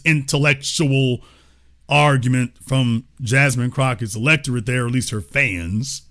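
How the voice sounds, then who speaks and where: A man in the middle of his pitch range hosts a livestream political commentary show. He talks in a mocking, sarcastic way. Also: a bit bright. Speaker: show host.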